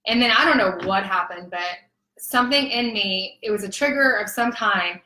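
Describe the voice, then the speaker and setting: A woman's voice: mid-range voice, moderate pace. Earnest woman in her thirties, echoey room. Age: 30s. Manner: earnest and emotional, animated retelling. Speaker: guest. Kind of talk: candid personal testimony in conversation.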